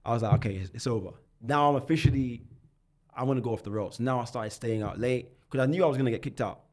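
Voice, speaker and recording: A London man in his twenties, guesting on a podcast, tells his life story at a quick pace in a medium-pitched voice. His talk is animated and full of slang, and he often restarts and repeats words.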